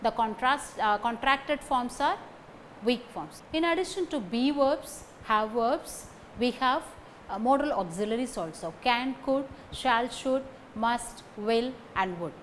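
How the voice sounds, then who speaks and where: Slow, deliberate woman lecturing. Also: a little high, expressive, slight background noise, rough recording. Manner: slow, deliberate, repeats example sentences; frequent "okay" between points. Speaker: phonetics lecturer. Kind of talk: recorded lecture.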